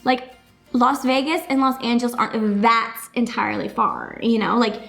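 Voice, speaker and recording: A woman's voice: a little high, steady tone, moderate pace, creaky, fairly bright tone, soft background music. A woman chatting casually through a TV episode recap, her talk full of "like" and "you know" fillers. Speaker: vlogger reviewing a TV episode.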